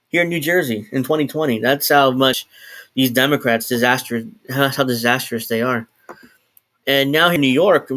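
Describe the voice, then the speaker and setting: A man with a mid-range, fairly bright voice speaks off the cuff during a solo live stream from his New Jersey home. He rambles, interrupts himself to start sentences over, and sometimes swears and laughs.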